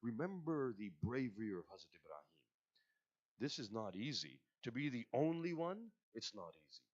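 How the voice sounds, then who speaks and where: Expressive male storyteller at a religious gathering. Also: medium pitch, normal speed, dull audio. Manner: expressive, addresses listeners directly. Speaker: majlis speaker. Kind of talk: storytelling sermon. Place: religious centre.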